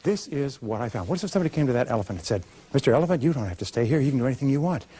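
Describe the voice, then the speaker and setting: Fast-talking motivational speaker, man. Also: medium pitch, lively intonation, dark tone, breathy edge. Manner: emphatic, acts out dialogue, leads audience call-and-response. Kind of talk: motivational speech to a live audience.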